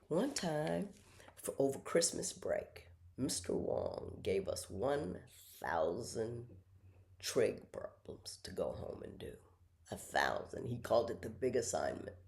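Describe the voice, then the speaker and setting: A middle-aged woman with a strikingly deep voice tells stories from home in a casual monologue. Her pitch swings widely as she acts out the other people in them. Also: creaky, warm tone. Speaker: host.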